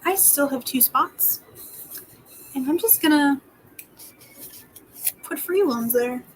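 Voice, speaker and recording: Young woman vlogger, high voice, casual and chatty, frequent whispered asides, faint room noise. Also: expressive, slow, low-quality recording. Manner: chatty, drops to soft whispered asides while writing. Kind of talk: casual planning vlog.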